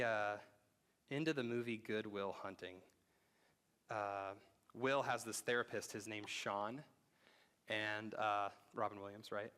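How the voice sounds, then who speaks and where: Lower-voiced pastor preaching in a conversational sermon. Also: male voice. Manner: conversational, drops to a hushed voice for emphasis. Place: church sanctuary.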